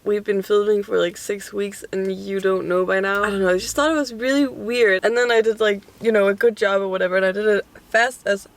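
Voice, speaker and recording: A woman's voice: medium pitch, steady tone, fairly quick. A young woman in her twenties chatting candidly at home while eating and showing off a haul, swearing and laughing often. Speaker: vlogger.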